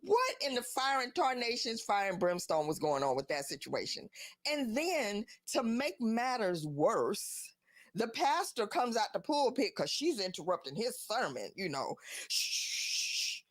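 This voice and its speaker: A woman's voice: mid-range voice, very animated, measured pace, dry recording, clean studio sound. A woman hosting a live show, talking casually and animatedly, firing off incredulous rhetorical questions. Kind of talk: casual commentary.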